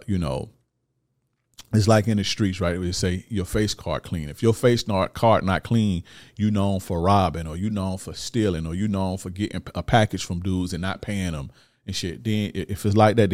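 Casting: 30s man, low-pitched, dry close sound, profane street-talk advice host. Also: a little mellow, dry recording. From Florida, USA. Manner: profane, blunt street slang, repetitive. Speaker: host giving life advice to men. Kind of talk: casual ranting monologue.

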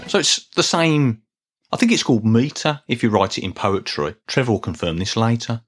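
A man's voice: mid-range voice, sing-song, moderate pace, slightly rough, faint music behind. A middle-aged man hosting a solo podcast, talking in a chatty, rambling, self-deprecating way with small restarts. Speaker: podcast host. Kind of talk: casual solo podcast talk.

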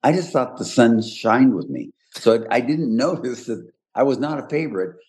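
A man's voice: medium pitch, big pitch swings, moderate pace, a little mellow. An older man hosting a podcast, telling stories in a chatty way and laughing often. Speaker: podcast host. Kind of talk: casual chat.

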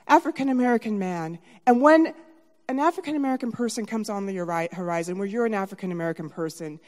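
Middle-aged woman, live stage storyteller; dramatic delivery from hush to shout, mid pitch, long hall reverb. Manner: animated, dramatic shifts from hushed to shouting.

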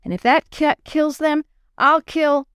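A woman's voice: a little high, expressive, normal speed, no echo, studio quality, natural voice. A woman doing a stern, grumpy dad. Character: grumpy father, protective gardener.

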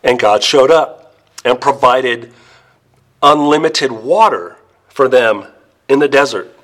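Emphatic male pastor telling a story. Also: medium pitch. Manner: emphatic storytelling, slows and drops soft for emphasis. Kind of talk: sermon.

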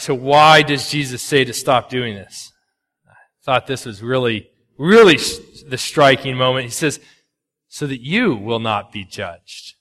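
A man preaching a sermon as pastor, conversational and animated, swinging between loud punchy asides and quiet earnest drops. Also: on the high side, in a large hall. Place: church sanctuary.

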